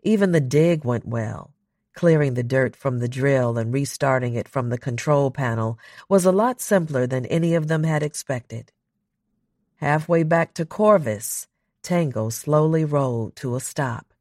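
A narrator reading a science fiction audiobook in an even, measured way. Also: medium pitch, no echo, clean studio sound.

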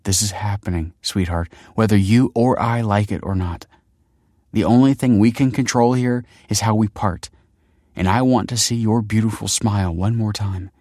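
A man reading an audiobook, voicing a dying woman who speaks softly and tenderly to her husband. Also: lowish voice, normal speed, no echo, studio quality, close to an everyday voice. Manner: soft, gentle, quavering. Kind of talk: audiobook character voice.

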